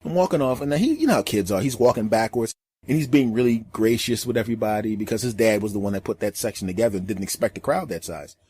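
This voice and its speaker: A middle-aged male comedian telling a story in an animated, emphatic way, acting out every scene. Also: fairly low pitch, fast, husky. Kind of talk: comic storytelling.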